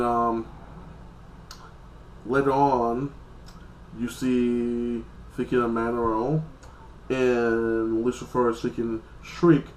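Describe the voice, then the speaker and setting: A man's voice: medium pitch, roomy sound, slight background noise, low-quality recording. A man casually recapping a TV episode in a rambling, loose way, with heavy use of filler words. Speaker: TV episode reviewer.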